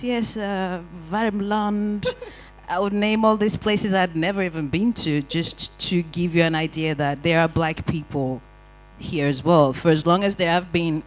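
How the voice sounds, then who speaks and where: A panel speaker telling lively, wry personal stories in a discussion. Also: medium pitch, rough recording. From Nigeria. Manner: animated, wry storytelling with acted-out quotes. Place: community hall panel.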